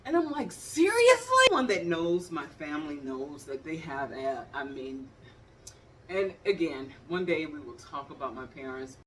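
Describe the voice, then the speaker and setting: A woman's voice: low-pitched, animated, normal speed, a bit bright, recorded from a distance, slight background noise. A woman in her fifties, from the Cleveland area, telling funny stories and acting out the scenes while she talks to the viewer. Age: 50s. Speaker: vlogger. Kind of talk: animated comedic storytelling.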